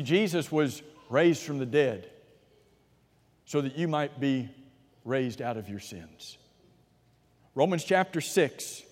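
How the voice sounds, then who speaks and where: A man preaching a sermon, swinging from loud, rising emphasis to hushed, low asides and answering his own rhetorical questions. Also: big-room sound.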